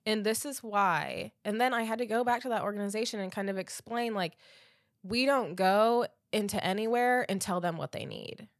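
A woman guest telling stories in an earnest, animated way, with many "like"s. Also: mid-range voice, moderate pace, dry recording, studio quality. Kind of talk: conversational interview.

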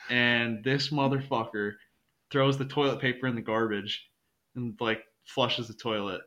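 A young man telling stories on a podcast, rambling and swearing freely. His voice is bright and forceful at a middling pitch, and the recording is slightly dull and lo-fi. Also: fairly even intonation, measured pace. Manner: rambling storyteller, swears a lot. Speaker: podcast guest. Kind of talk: casual podcast chat.

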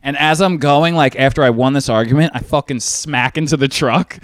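A young man telling a profane, animated story in casual chat. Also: medium pitch, moderate pace, dry recording, studio quality. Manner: profane, animated storytelling, says dude a lot.

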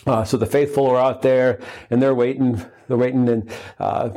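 A male pastor preaches a sermon in a relaxed, conversational style at a moderate pace, his voice mellow, warm, and middle-pitched. Fillers and humorous asides run throughout.

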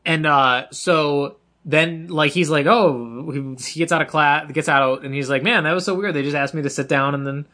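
A man's voice: on the high side, steady tone, normal speed, sharp tone. Rambling man retelling a movie plot. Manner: rambling storyteller, acts out characters' lines. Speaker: podcast co-host. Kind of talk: casual movie recap chat.

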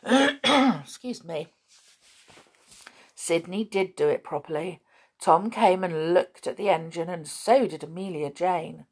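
A woman reading a children's story aloud, gentle and chatty with asides. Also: on the low side, slow pace. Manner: gentle, chatty asides, clears throat often.

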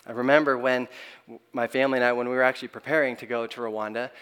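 A man's voice: mid-range voice, steady tone, smooth. Earnest man preaching a sermon. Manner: earnest, halting, with many restarts and softly trailing phrase ends. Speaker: pastor.

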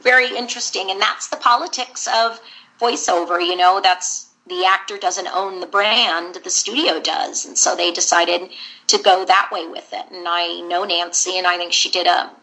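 A woman voice actor sits for an interview and recounts her career in a candid, wandering way. Her voice sits a little low for a woman but comes out bright and forceful. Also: steady tone, moderate pace, poor audio. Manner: candid, rambling storyteller.

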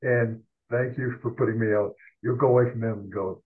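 Husky older man on a tinny line. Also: medium pitch, fairly quick. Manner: animated, salty, self-mocking. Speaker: podcast guest, sports columnist. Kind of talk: rambling anecdotal storytelling.

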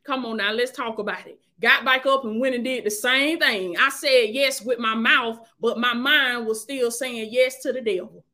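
A woman's voice: fairly high pitch, normal speed, hardly any pauses, sharp tone. A woman preaching a live-streamed sermon, urging listeners with repeated call-and-response phrases.

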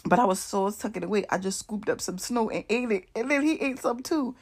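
A young woman vlogger telling a story in a chatty, animated way, full of asides and laughter. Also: medium pitch, a little fast, husky. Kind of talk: casual storytelling.

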